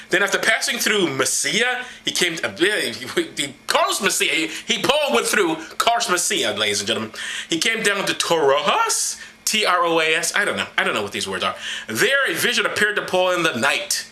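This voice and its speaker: A man's voice: fairly high pitch, very animated, a little fast, pushed and bright. A man giving an irreverent comedic reading to a camera, stumbling over words and swearing in mocking asides. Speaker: comedic Bible reader.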